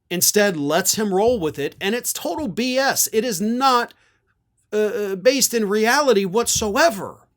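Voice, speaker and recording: A man's voice: sits high, a bit bright. A man hosting a political commentary show, sarcastic and combative.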